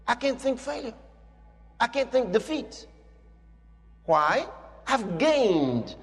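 A man preaches a sermon in a very high, lively voice, hammering home short emphatic declarations. His voice carries a long hall reverb, with soft music underneath.

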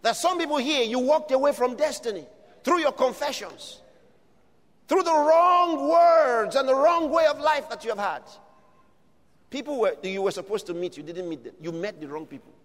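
A man preaching a sermon, building from steady teaching to shouted declarations. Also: very high-pitched, moderate pace, in a large hall.

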